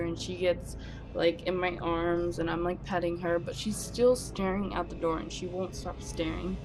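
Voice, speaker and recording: Young woman telling a story fast and nervously. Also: medium pitch. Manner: talks fast when nervous; animated, breathless storytelling. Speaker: vlogger. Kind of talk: storytime vlog. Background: music.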